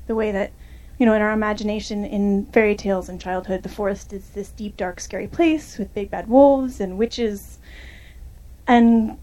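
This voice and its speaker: After a screening, a young woman filmmaker answers audience questions in a chatty manner, full of fillers and restarts. Her voice is medium-pitched and warm.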